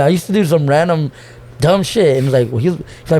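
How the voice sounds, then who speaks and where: This young man, guesting on a podcast, speaks a little fast in a slightly high voice with a dark tone. He gets emotional about his family, talking loosely, saying "bro" constantly, cursing and restarting sentences. The conversation is casual and heartfelt.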